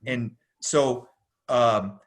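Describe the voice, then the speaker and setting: A man's voice: mid-range voice, steady tone, very slow. A middle-aged man tells a story as a podcast guest. His talk is loose and slangy, and he drops "dude" often. His voice rises and falls with the story. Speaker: podcast guest, jiu-jitsu instructor. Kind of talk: casual storytelling.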